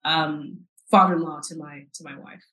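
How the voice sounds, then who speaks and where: A woman's voice: low-pitched, fairly even intonation, fairly bright tone. Earnest woman from South Texas, echoey. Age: 40s. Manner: earnest, halting with repeated words. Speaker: podcast guest, nonprofit CEO. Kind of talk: emotional personal storytelling. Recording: roomy echo.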